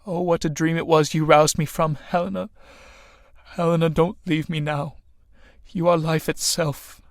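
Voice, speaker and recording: A man voicing a stern male factory director who speaks gravely and in measured phrases in a read-aloud play. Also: on the high side, flat delivery, no room sound, clean studio sound.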